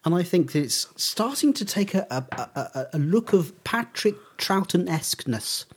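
A man's voice: high voice, animated, normal speed, breathy edge. A man co-hosting a podcast, chatty, rambling and self-mocking. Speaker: podcast co-host. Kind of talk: casual podcast chat.

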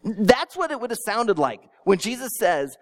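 A pastor preaching a sermon, telling it with animated storytelling and acting out imagined listeners, with small stammers. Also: mid-range voice, moderate pace. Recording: long reverb in a large hall.

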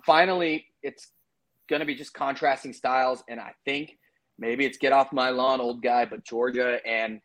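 A man of middle pitch talks through his college football picks in a casual, rambling way. He fills gaps with "uh" and side remarks, and his voice sounds like an everyday podcast voice. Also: fairly bright tone. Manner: loose and chatty, lots of fillers and asides. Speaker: podcast co-host making betting picks. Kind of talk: casual sports-betting chat.

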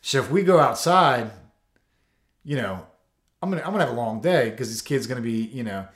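A relaxed male interview guest, a coach and foster dad, tells stories casually on a podcast. His mid-range voice is animated, brisk and fairly bright, and he rambles loosely with lots of "you know" and "like," acting out quotes. The recording has a roomy echo.

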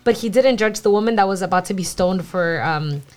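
A woman's voice: medium pitch, brisk, darkish tone. A young woman whose first language is Spanish, talking earnestly in a casual Bible discussion and sometimes searching for English words. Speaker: church youth group member.

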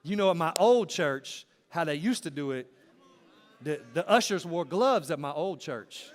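A man's voice: on the high side, animated, unhurried, a little hiss or hum. A man preaching a sermon as pastor, in a rhythmic style with repeated phrases that build to emphatic peaks. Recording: long hall reverb.

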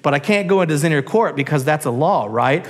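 Man preaching, animated storytelling, fairly high voice, long hall echo. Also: fast. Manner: animated, acts out characters. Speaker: pastor. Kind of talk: sermon storytelling. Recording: long church hall reverb.

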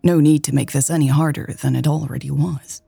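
Low, gravelly woman narrating a story. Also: fairly even intonation, fairly quick, warm tone, no echo. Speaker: podcast host and narrator.

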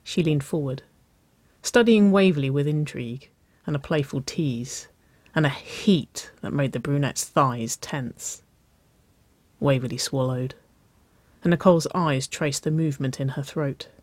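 A narrator reading a romance story aloud in a soft, unhurried way. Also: medium pitch, no room sound.

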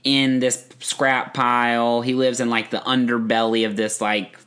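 A chatty podcast co-host talking through a movie in a loose, casual chat at a middling pitch. The speech is filled with "like" and jumps into little acted-out quotes. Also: level tone, unhurried, fairly bright tone. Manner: chatty, lots of "like", acts out quotes.

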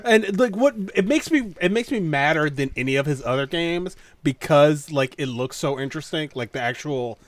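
Male podcast host, animated, filler-heavy casual talk. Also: on the high side, normal speed, hardly any pauses, no echo.

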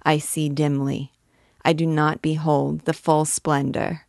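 A woman's voice: low voice, little pitch movement, slow pace, gravelly, darkish tone, dry recording, clean studio sound, exaggerated voice. A woman voicing a proud, fiery male archdeacon and alchemist who declaims his views in a grand manner, reading from a novel. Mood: brooding.

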